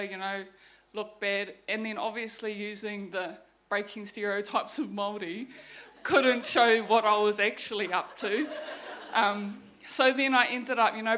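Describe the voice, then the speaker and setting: Speaking at a medium pitch with a fairly bright tone, a young Kiwi woman tells her personal story as a guest speaker. The testimony is candid, and she swears openly throughout.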